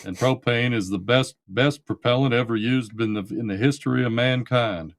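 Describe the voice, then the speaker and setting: A man's voice: mid-range voice, normal speed, natural voice. A man voicing a folksy drawling man who sells propane in a homespun, salesy way. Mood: folksy pitch.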